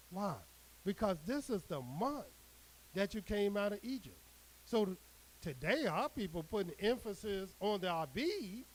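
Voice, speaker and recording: Male preacher, high voice, very lively pitch, emphatic sermon cadence. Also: slow pace, long pauses, low-quality recording. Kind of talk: sermon with scripture reading.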